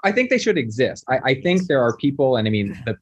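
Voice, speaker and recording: A man's voice: medium pitch, sing-song, fast, slightly rough. A man who is a postdoctoral researcher, explaining lab work in casual conversation in a wry way. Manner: explanatory, wry, many fillers.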